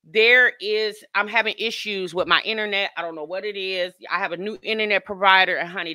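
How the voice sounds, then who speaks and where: A woman hosts a live stream with chatty, outspoken commentary and greets her viewers by name. Her voice is bright and forceful, with a lightly profane manner. The sound is dry, with no room echo. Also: mid-range voice. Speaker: host of a live reaction stream.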